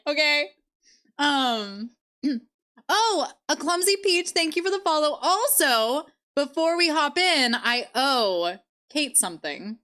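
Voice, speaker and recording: A woman's voice: high voice, very animated, slow, bright, forceful tone. A woman live-streaming, chatting casually with her viewers and laughing often. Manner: giggly, bubbly, laughs often.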